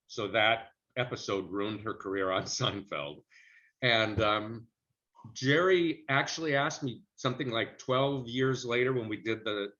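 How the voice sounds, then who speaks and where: A middle-aged man with a lowish voice recounts stories from his acting work in a relaxed interview. His telling is lively, and he slips into the voices of the people he quotes. The recording sounds a little dull and lo-fi. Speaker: actor being interviewed. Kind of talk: casual interview storytelling.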